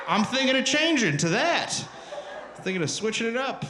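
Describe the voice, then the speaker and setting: A man performing stand-up comedy on stage, talking in a profane, animated way and shouting at the crowd. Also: very high-pitched, moderate pace, background noise. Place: live comedy venue on stage. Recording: roomy live club recording.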